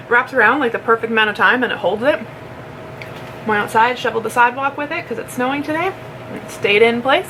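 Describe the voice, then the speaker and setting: A woman's voice: a little high, fairly quick, pushed and bright, poor audio. A woman chatting casually in a home vlog, rambling and giggling while she snacks. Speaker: vlogger. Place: home, indoors. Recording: clear background noise.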